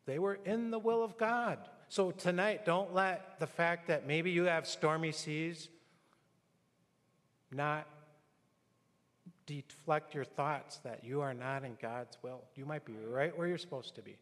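A man's voice: fairly high pitch, a little slow, fairly bright tone. A middle-aged man preaching a conversational sermon in a church, telling anecdotes and acting out quotes. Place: church sanctuary. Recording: long hall reverb.

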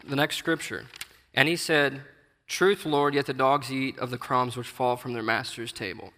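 A man's voice: mid-range voice, steady tone, normal speed, pushed and bright. A man giving an informal, earnest sermon, reading scripture aloud and explaining it in a conversational way. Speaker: lay preacher. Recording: long hall reverb.

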